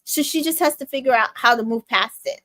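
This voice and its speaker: A woman's voice: high-pitched, brisk, bright, forceful tone, no echo. A woman hosting a casual TV recap, chatty and emotionally invested, with lots of fillers and self-corrections. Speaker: recap show host.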